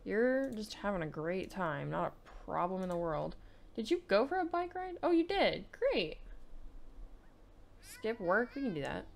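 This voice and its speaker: A woman's voice: medium pitch, sing-song, unhurried, gravelly. A young woman giving casual let's play commentary, playfully bossing around the characters in her game. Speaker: gaming YouTuber.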